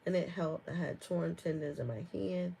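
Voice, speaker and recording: A woman's voice: lowish voice, normal speed, creaky, mellow, a little hiss or hum, low-quality recording. Chatty woman hosting a live stream. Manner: chatty, laughs often, many fillers; reads viewer comments aloud and answers them. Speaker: herbalist host of a live stream. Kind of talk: casual live-stream chat.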